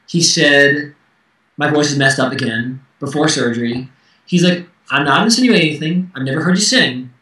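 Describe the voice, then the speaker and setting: A man's voice: on the high side, sharp tone, echoey room, distant mic, rough recording. A man in his thirties, a musician guest speaking candidly and acting out quoted dialogue in casual interview chat.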